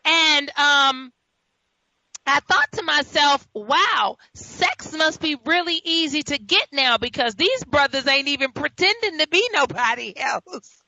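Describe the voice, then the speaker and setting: A woman's voice: high-pitched, measured pace. A woman from New York hosting a talk show, telling stories in casual chat with laughing asides. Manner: storytelling, laughing, animated asides. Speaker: host. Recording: dull lo-fi audio.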